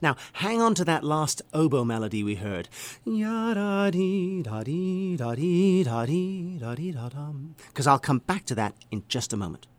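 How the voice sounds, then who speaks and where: A man's voice: mid-range voice, big pitch swings, fairly quick, hardly any pauses, soft background music. A man, an orchestra conductor enthusiastically presenting a concert program. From England. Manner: enthusiastic, hums melodies aloud.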